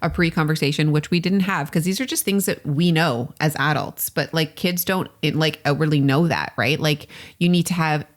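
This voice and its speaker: A woman in her thirties with a notably low voice, talking casually as a podcast co-host. She chats easily, laughs a lot and drops the odd swear word. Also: moderate pace, few pauses. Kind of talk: casual chat.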